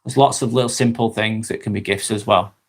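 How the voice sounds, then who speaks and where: A man with a Lancashire accent hosting a live stream, reading viewer comments aloud and talking in a gentle, reflective way. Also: fairly low pitch, fairly even intonation, a little fast. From Northwest England.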